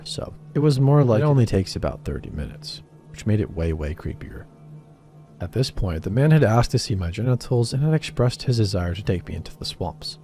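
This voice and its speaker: Male horror narrator, deep warm tone, wry and measured, soft music bed. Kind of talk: scripted first-person narration.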